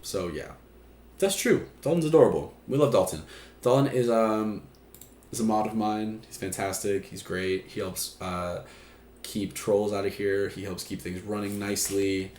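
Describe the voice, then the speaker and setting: A man's voice: on the low side, moderate pace, a little mellow, slight background noise. Chatty, joking man in an echoey room. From Puerto Rico. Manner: chatty, swearing, loose and joking. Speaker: stream host. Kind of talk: casual chat.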